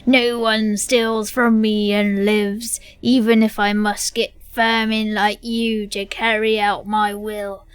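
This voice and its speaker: A woman putting on a rough mock-Cockney voice as a wounded, greedy male orc, reading game quest dialogue aloud. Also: mid-range voice, level tone, slow, few pauses, dry recording, natural voice. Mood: gloating.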